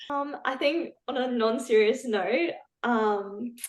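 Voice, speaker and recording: A woman's voice: fairly high pitch, slow, low-quality recording. A young woman, a football player at university, giving upbeat, chatty interview answers over a video call. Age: young adult. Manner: chatty and upbeat, with many "yeah"s and "and I think"s.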